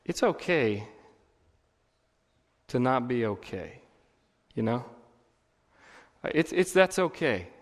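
A man's voice: mid-range voice, sing-song, slow, pauses often. Man preaching in a reverberant church. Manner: conversational preaching with emphatic swells and repeated phrases. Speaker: pastor. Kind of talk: sermon.

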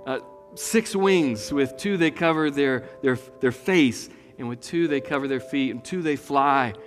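Earnest pastor preaching in an echoey hall. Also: male voice, medium pitch, a bit bright. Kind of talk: sermon. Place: church sanctuary.

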